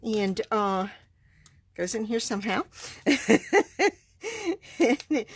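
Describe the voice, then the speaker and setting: A woman's voice: medium pitch, very slow, long pauses, breathy edge, dry recording, studio quality. A woman, chatting through a live card-making demonstration, enthusiastic and laughing often. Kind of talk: casual live stream demonstration.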